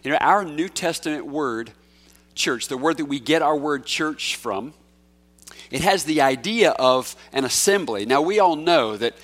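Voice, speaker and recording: A male pastor in a church sanctuary, preaching a sermon with a slightly high voice. He keeps it conversational and easygoing, and he coaxes the young people up front in a playful way. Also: lively intonation, unhurried, a bit bright. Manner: conversational, coaxing and playful with children.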